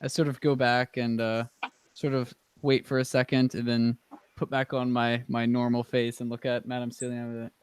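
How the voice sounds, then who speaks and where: A man's voice: medium pitch, level tone, normal speed, smooth, no echo. A man playing in a tabletop game, casually and hesitantly describing his character's actions. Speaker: player.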